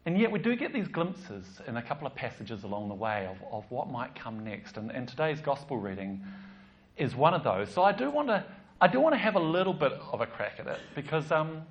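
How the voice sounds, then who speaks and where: A man's voice: mid-range voice, brisk, highs cut off. A man preaching a casual, joking sermon as the church's pastor. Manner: chatty, joking, animated.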